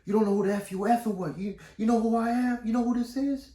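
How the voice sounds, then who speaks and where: A man voicing a high, unstable stranger who taunts and calls everyone "fool". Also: a little fast, roomy sound, lightly acted. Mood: enraged. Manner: taunting, repeats "fool", erupts into shouting.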